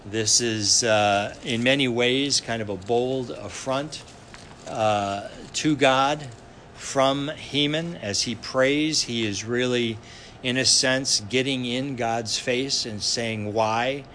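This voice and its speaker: Slow, deliberate male preacher. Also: medium pitch, bright, forceful tone, a little hiss or hum. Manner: slow and deliberate, with frequent "uh" pauses. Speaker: pastor. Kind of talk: sermon.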